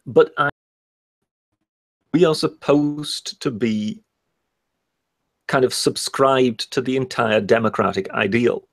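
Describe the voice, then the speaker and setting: A man co-hosting a casual livestream, giving his opinions in a measured but firm way. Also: medium pitch.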